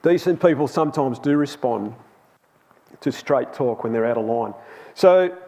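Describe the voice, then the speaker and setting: A man's voice: medium pitch, lively intonation, measured pace, a little mellow. A man telling a personal story in a chatty, anecdotal sermon to a youth Bible class in a church hall. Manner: chatty and anecdotal, with laughs and restarts.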